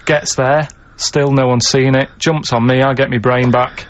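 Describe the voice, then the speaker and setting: Deadpan man explaining plainly. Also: mid-range voice, normal speed, slight background noise. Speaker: radio show regular. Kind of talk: comic radio banter. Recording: dull radio broadcast audio.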